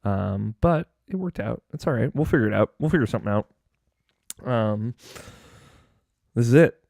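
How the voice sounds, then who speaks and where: A man's voice: mid-range voice, expressive, moderate pace, vocal fry, darkish tone, dry recording, clean studio sound. A man hosting a gaming podcast, chatting casually and rambling with lots of fillers and restarts. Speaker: podcast host.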